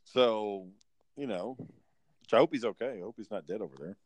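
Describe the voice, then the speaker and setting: A man's voice: on the low side, moderate pace, no echo. A man hosting a podcast in casual chat, a profane, rambling storyteller. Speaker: podcast host.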